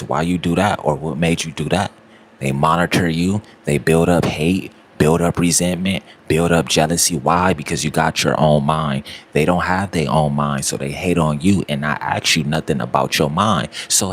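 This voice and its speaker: A man's voice: a bass voice, moderate pace, a little hiss or hum. A man, giving a repetitive, preachy motivational talk aimed straight at the listener. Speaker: motivational speaker.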